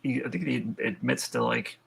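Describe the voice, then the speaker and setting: A man's voice: medium pitch, normal speed, gravelly, crowd noise. A man co-hosting a podcast, casually recapping a horror film's plot with dry, laid-back jokes. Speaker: podcast co-host. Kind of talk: casual film review chat.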